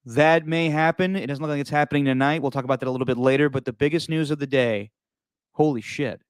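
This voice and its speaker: A man's voice: on the high side, steady tone, fast talker, clear, resonant tone, dry recording. A young man hosting a casual sports podcast, loose and joking, swearing freely and laughing easily. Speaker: podcast host.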